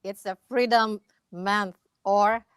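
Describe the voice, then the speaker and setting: A woman's voice: medium pitch, steady tone, slow pace, a crowd in the background. An older woman, a guest on an online show, giving shy, brief answers and often laughing.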